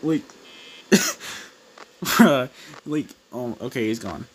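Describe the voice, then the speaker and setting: A man's voice: mid-range voice, a little slow, heavy background noise. A young man giving casual let's-play commentary on a horror game, rambling with lots of fillers and jumpy outbursts. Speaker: gaming YouTuber.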